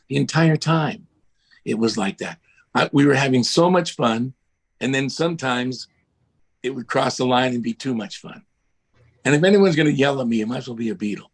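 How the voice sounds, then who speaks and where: A man with a husky, slightly breathy voice tells lively anecdotes over a video call. He slips into quick impressions of the people in his stories. His pitch sits in the middle of the male range. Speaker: guest record producer. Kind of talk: animated storytelling.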